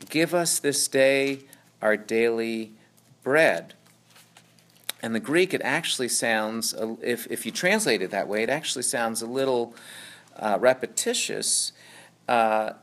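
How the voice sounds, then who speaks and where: A man's voice: on the low side, vocal fry, a bit bright. A man teaching about a Bible passage, explaining at length and often checking in with "right?" and "okay?". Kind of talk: teaching talk on scripture.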